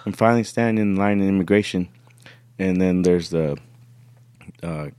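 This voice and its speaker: Deep-voiced man telling a rambling story. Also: normal speed, mellow, clean tone, no echo, clean studio sound. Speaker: podcast host. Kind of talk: casual storytelling.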